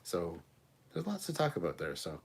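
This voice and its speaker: A man hosts a loose live stream, reading out viewer comments while drinking rum. His husky, low voice rambles casually through his stories, and he swears freely. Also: wildly swooping pitch, moderate pace. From Canada.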